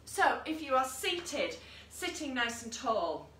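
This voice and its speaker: A woman's voice: high-pitched, very animated, takes it slowly, a bit bright. A woman leading an online exercise class, giving encouraging cues and countdowns with chatty asides. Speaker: fitness instructor. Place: room at home, with a dog nearby. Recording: echoey room, voice from a distance, faint noise.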